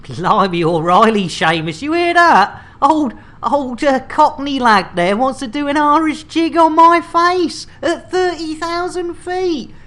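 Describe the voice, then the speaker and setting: A woman's voice: high-pitched, expressive, measured pace, hardly any pauses, fairly bright tone. A woman hosting a game stream, joking and bantering with bawdy humour. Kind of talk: casual game-stream chat.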